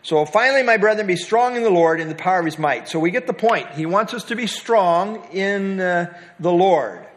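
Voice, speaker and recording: A man's voice: high-pitched, animated, moderate pace, few pauses. A man teaching a Bible study to a small group, talking in a conversational way with many fillers and stressing key words.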